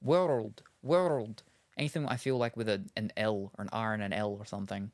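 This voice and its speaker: A man's voice: on the low side, steady tone, quick pace. Rambling guy unboxing. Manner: rambling, lots of ums and trailing asides. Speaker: streamer. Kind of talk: casual unboxing chat.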